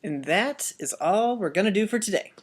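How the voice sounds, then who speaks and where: A teacher giving a Biblical Greek lesson as a voice-over, speaking deliberately and repeating each word so learners can copy it. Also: medium pitch, expressive. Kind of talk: slow instructional voice-over.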